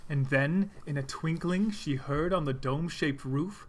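A man reading a fan story aloud in a steady, plain way. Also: a little high, measured pace. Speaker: reader.

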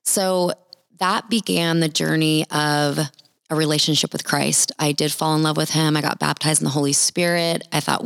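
A woman's voice: low voice, flat delivery, moderate pace, gravelly, no echo, studio quality. A middle-aged woman sharing a Christian testimony in an earnest, heartfelt storytelling manner. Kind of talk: personal testimony talk.

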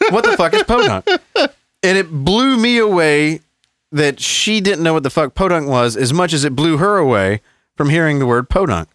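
Profane Southern storyteller, dry close sound. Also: male voice, a little high, normal speed, dry recording. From American South. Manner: profane storytelling, animated impressions. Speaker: podcast co-host. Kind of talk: casual chat.

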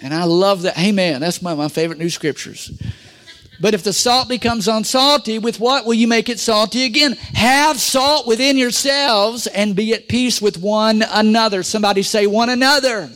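High-voiced male pastor preaching. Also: normal speed. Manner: lively call-and-response preaching, prompts congregation to repeat; humorous asides and rhetorical questions. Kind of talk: sermon. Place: church sanctuary.

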